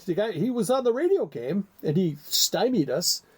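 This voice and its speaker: A man's voice: sits high, very animated, moderate pace, darkish tone, husky. A man co-hosting a comedy podcast, chatting casually with a joking, rambling, teasing manner. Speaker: podcast co-host.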